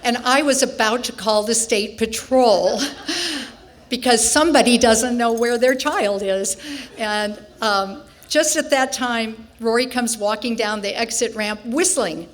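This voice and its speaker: A woman's voice: on the high side, measured pace. An older woman telling a funny personal story on stage before an audience, wry and self-mocking, laughing now and then.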